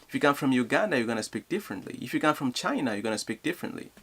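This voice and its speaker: A young man from DR Congo speaks with a clear Congolese accent in a mid-range voice. His vlog talk is earnest and encouraging. He often turns to rhetorical questions to stir his listeners. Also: mid-range voice, big pitch swings, racing, a bit bright. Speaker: youth speaker. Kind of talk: motivational vlog.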